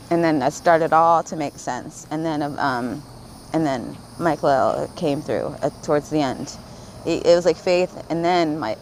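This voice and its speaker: A woman's voice: deep voice, a little mellow, a little hiss or hum, rough recording. A woman vlogging in a rambling, casual way, swearing freely, laughing often and smoking while she talks. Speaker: spiritual vlogger.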